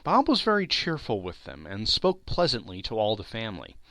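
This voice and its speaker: A man reading a classic novel aloud as an audiobook narrator, expressive and shifting his voice for the characters in quotes. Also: lowish voice, normal speed, dry recording. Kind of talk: scripted narration.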